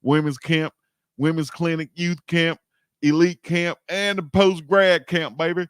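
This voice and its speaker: A man from South Georgia, hosting a casual livestream and chatting loosely with shout-outs. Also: on the high side, fairly even intonation, unhurried, clean tone, no echo, studio quality. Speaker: livestream host.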